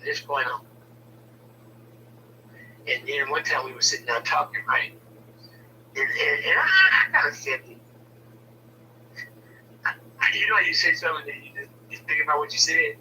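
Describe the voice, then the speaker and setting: Blunt, bright-voiced man telling a story. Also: on the high side, big pitch swings, normal speed, pauses often, far from the mic, a little hiss or hum, low-quality recording. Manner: blunt, profane, repeats words when starting sentences. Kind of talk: casual personal storytelling.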